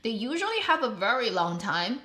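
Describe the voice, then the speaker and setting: A woman's voice: a little high, very animated, brisk, bright, forceful tone. A woman hosting her own show, chatting casually in a rambling way and laughing often. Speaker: host. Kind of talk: casual chat. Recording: roomy echo.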